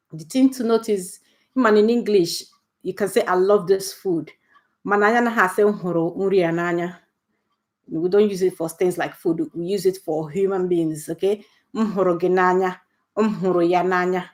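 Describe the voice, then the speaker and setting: A woman teaching a casual live video language lesson. She moves between Igbo phrases and English explanations and keeps checking in with the listener. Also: lowish voice.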